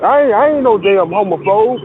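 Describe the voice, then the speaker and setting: A man on a phone call, rambling, stammering and apologizing in rough, folksy grammar. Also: sits high, animated, fairly quick. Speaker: prank call accomplice, the father. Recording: muffled phone call with loud noise.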